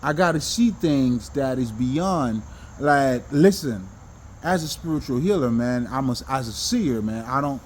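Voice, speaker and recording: A man talking in a casual, rambling monologue about self-improvement, animated and profane, with many restarts and bursts of laughter. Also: medium pitch, measured pace, slight background noise. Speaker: self-help talker.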